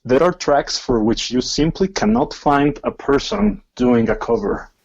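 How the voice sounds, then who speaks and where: Chill podcast dude, raspy husky voice, kinda muffled lo-fi mic. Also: male voice, medium pitch, a little slow. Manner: easygoing, hesitant, lots of uh fillers. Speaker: podcast co-host. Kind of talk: casual music discussion.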